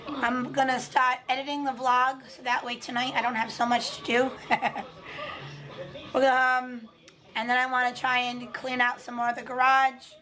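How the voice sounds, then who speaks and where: Slightly hoarse woman vlogging to camera. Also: high-pitched, flat delivery, normal speed, pushed and bright. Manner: chatty, rambling to camera. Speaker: family vlogger. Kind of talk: casual vlog chat.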